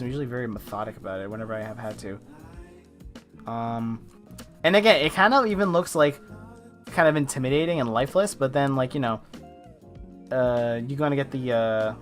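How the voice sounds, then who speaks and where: A laid-back man talks his way through a live drawing session. He rambles and corrects himself as he goes, with soft lo-fi music playing faintly behind him. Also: medium pitch, expressive, brisk, pauses often. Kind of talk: casual chat while drawing.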